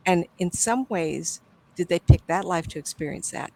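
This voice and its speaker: An older woman, a psychic medium, telling stories in a casual interview, animated and acting out the people she quotes, often trailing off and starting over. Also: on the low side, moderate pace, creaky, low-quality recording. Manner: animated, acts out quoted voices, trails off and restarts.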